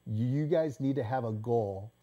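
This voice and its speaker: A middle-aged male radio host speaking in a measured way and addressing his guest formally. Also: mid-range voice, mellow, highs cut off. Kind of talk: casual radio talk.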